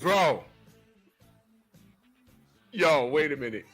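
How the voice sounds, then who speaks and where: Animated man retelling a movie. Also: fairly high pitch, extremely slow, faint music behind. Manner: animated storytelling with sudden voice jumps. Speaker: podcast host. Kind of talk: casual movie recap chat.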